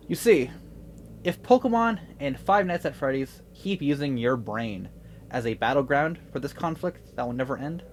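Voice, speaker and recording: A man playing a smug, mysterious mentor who offers pills, speaking in a smooth, theatrical, lecturing way in a comedy skit. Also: mid-range voice, a little hiss or hum, lightly acted.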